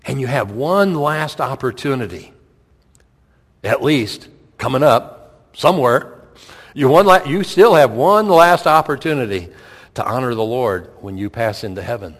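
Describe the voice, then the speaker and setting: A middle-aged pastor preaches at a middling pitch, chatty and plainspoken, stacking rhetorical questions and circling back to repeat himself. His voice carries through a church sanctuary with a long hall reverb. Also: lively intonation, a little slow. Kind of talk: sermon.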